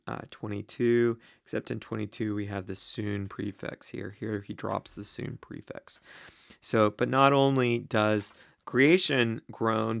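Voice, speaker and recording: A man teaching the Greek grammar of a Bible passage, slow and deliberate, with many ums and uhs. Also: on the low side, gravelly, fairly bright tone, clear, resonant tone, dry recording, studio quality.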